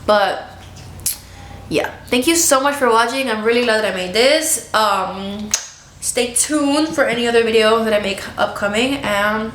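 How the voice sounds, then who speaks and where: A woman vlogging to the camera at home, chatty and expressive, laughing often. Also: on the high side, measured pace, echoey room. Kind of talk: casual chat to camera. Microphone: camera in front of her.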